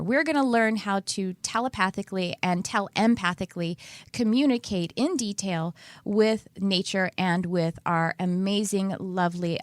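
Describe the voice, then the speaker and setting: A woman's voice: mid-range voice, no room sound. A woman hosting a spiritual podcast in a casual, chatty way, rambling and often laughing at herself. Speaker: podcast host.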